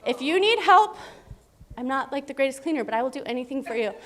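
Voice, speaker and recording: A woman's voice: sits high, animated, fast, a bit bright. A woman in her thirties sharing her personal recovery story at a meeting, candid and emotional, laughing often as she talks. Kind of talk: personal testimony.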